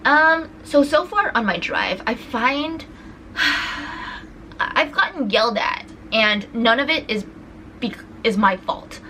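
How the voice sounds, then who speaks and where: Bright-voiced young woman vlogging. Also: on the high side, slow, slight background noise, rough recording. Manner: chatty, animated retelling with many restarts and fillers. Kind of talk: casual road-trip vlog chat. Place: indoors at a rental home.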